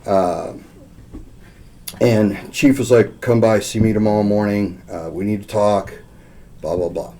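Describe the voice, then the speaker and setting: Middle-aged guy on a podcast, real low and gravelly, kinda rambling storyteller. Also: steady tone, a little slow, long pauses, mellow. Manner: rambling, heartfelt, frequent "uh" and quoted dialogue. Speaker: podcast co-host leading a school safety program. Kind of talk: casual storytelling chat.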